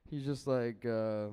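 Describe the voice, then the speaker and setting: Halting, self-mocking male stand-up comic. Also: mid-range voice, dark tone, smooth. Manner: halting, self-deprecating, laughing at his own jokes. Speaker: stand-up comedian. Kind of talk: stand-up set.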